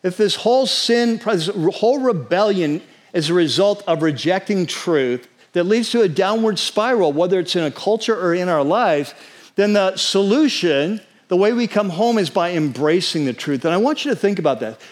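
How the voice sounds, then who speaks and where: A man preaching a sermon as pastor, earnest and conversational, often checking in with his listeners and slowing down to stress key words. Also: high voice, lively intonation. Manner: spells out words and slows for emphasis.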